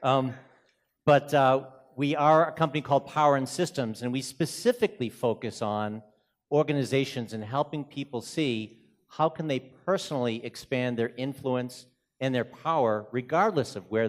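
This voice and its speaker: A man with a strong Boston accent presents at a conference with energy and plenty of jokes. His voice sits at an ordinary middle pitch. He moves around the stage as he talks. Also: normal speed. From Boston, USA. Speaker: conference speaker. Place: hotel conference room.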